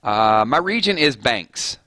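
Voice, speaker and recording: A man's voice: mid-range voice, big pitch swings, takes it slowly, pushed and bright, no echo. A man streaming a mobile game, chatting casually with his viewers in a fired-up, rambling way and laughing often. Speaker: gaming streamer. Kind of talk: casual live-stream chat.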